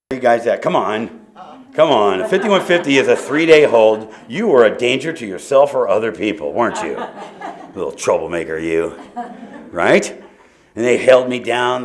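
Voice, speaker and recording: A man speaking at a recovery meeting, telling his story in an animated, joking way and acting out quoted dialogue. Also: lowish voice.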